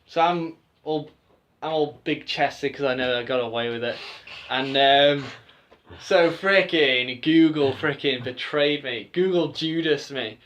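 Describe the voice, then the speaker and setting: A young podcast co-host with a mid-range voice talks a little slowly. In casual chat he animatedly tells an embarrassing story, doing the voices of the people involved.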